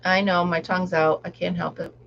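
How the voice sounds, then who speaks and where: A woman's voice: lowish voice, little pitch movement, a little fast, creaky, muffled recording, a little hiss or hum. A middle-aged woman chatting casually on a live stream while she crafts, laughing often and rambling about her day. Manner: chatty, laughs often, sings along softly. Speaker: livestream crafter.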